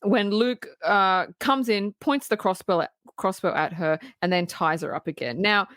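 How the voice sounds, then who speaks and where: Female podcast co-host, mid-pitched, dry studio sound, chatty, laughing film recap. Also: normal speed, dry recording. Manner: lively scene-by-scene recap, laughs often, swears casually. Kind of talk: casual film-review chat.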